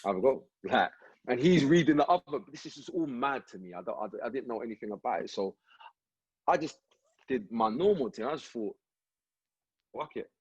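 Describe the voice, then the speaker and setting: A man, a podcast guest telling a story in a relaxed, slangy way, recorded with slightly muffled sound. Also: medium pitch, brisk, husky, no echo. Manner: relaxed slangy anecdote telling, frequent "you get me". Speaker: rapper and actor guest. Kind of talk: casual storytelling interview.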